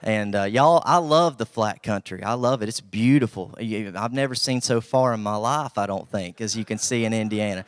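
Man, Appalachian accent, preacher, low-pitched, dry close sound, folksy and humble, breaks into emphatic bursts. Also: a little fast, clean tone, no room sound. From Southwest Virginia. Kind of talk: sermon.

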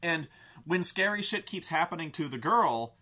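A man's voice: a little high, expressive, moderate pace, sharp tone. A man ranting casually as a film reviewer, exasperated and profane, rambling with lots of fillers. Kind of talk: casual rant.

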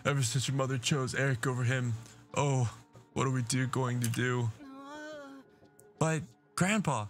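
Man doing gruff fantasy dwarves, middle pitch, faint game music behind. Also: steady tone, unhurried, long pauses, close to an everyday voice. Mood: worried. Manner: gruff, theatrical read of game dialogue. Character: gruff dwarf chief and old dwarf grandpa.

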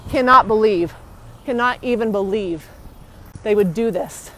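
Streaming from a hand-held phone as she hurries outside a courthouse, an agitated young citizen livestreamer keeps repeating herself indignantly. Her mid-range voice has a fairly bright tone and a measured pace. There's slight background noise, and the recording is rough.

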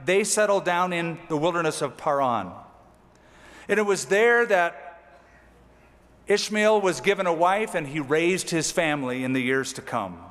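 A pastor with a fairly high, fairly bright voice gives an expository sermon at a measured pace. He reads scripture aloud verse by verse, then explains it with casual, conversational asides, all in a hall with long reverb.

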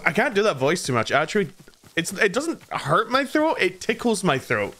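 A man's voice: high-pitched, big pitch swings, normal speed, pushed and bright. A man livestreaming a game, chatting casually and jokingly and greeting viewers by name. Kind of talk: casual gameplay commentary.

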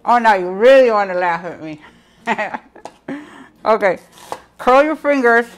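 A woman's voice: mid-range voice, animated, unhurried. A woman hosting a casual live cooking show, chatty and giggly, talking to her viewers with a piece of bread in her mouth.

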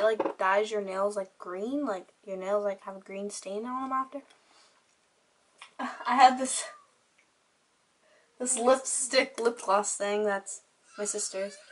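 A teen girl vlogger gives a chatty, meandering show-and-tell of her belongings, peppered with "like." Her voice is medium-pitched with a little hiss or hum on the recording, and children are crying nearby.

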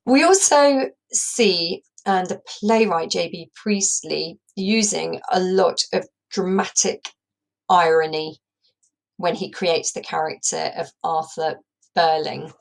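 A woman's voice: fairly low pitch, slow, gravelly, poor audio. A woman English teacher giving a recorded lesson, explaining a play and thinking aloud as she goes.

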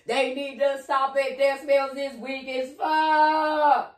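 A woman's voice: high-pitched, level tone, slow pace. A woman giving a casual tarot reading, blunt and profane, who often slips into sing-song chanting. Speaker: tarot reader. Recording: roomy echo, set back from the mic.

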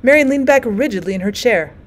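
Expressive woman storyteller. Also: on the high side, fast. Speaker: teacher reading aloud. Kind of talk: audiobook narration of a short story.

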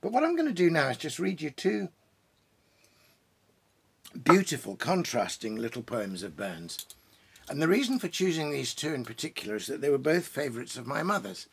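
A man with a gravelly, slightly husky voice talks casually from a home study full of bookshelves. He rambles as a poet introducing readings, breaking off, restarting and adding asides. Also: on the high side, very animated. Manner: pausing for pipe and drinks while talking. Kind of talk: casual chat introducing poems.

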